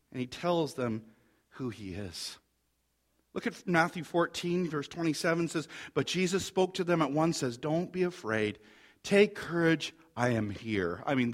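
A man with a high voice preaching a sermon. He tells the story with animation and reads scripture aloud, sometimes sinking to a quiet, low tone. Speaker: pastor.

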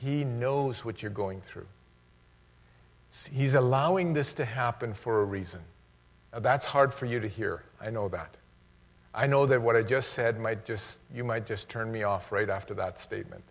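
A middle-aged man, a guest preacher, giving a sermon with jokes and laughter that turns earnest and quiet. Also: mid-range voice, moderate pace, gravelly.

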